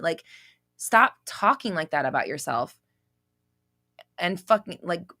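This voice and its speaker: A woman's voice: mid-range voice, animated, a little slow, long pauses, bright, forceful tone. A woman hosting a casual live question-and-answer stream, reading viewer comments aloud and answering in a blunt, profane way.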